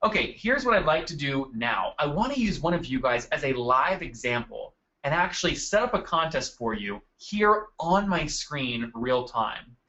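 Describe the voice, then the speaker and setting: A man's voice: fairly high pitch, big pitch swings, normal speed, few pauses, sharp tone, highs cut off. A man hosting a live marketing webinar, talking energetically and calling out attendees by name from his desk. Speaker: webinar host. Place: home desk.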